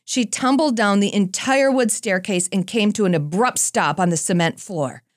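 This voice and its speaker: Woman, Christian speaker, animated storytelling, playful asides, dry close sound. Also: medium pitch, normal speed, no echo. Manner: animated, self-deprecating storyteller. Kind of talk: personal storytelling talk.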